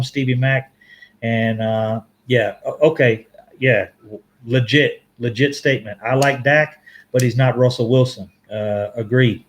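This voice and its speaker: A man hosting a casual live-stream sports talk and reading viewer comments. He rambles with halting restarts and frequent self-corrections, and laughs easily. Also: mid-range voice. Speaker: fan show host reading live chat.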